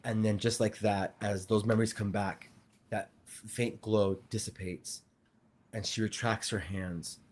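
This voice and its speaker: A man narrating his character's actions in an actual-play tabletop game, unhurried, with casual fillers. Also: on the low side, fairly even intonation, darkish tone. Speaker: player.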